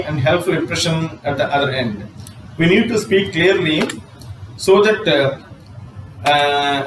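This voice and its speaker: A male college English lecturer giving an online class lecture, reading his notes aloud in a measured way with some fillers. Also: on the high side, noisy background. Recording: roomy echo from a distance with faint ambience.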